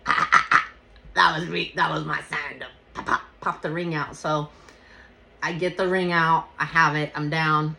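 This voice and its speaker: A woman hosting a podcast, telling a personal story in a casual, animated way and swearing freely. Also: low-pitched, slow pace, creaky. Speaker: podcast host.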